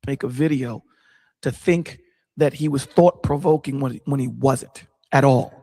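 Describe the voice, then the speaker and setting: A man who is a pastor, explaining his side in a casual debate with a measured, dryly sarcastic manner. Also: mid-range voice, dark tone, big-room sound. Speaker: pastor guest.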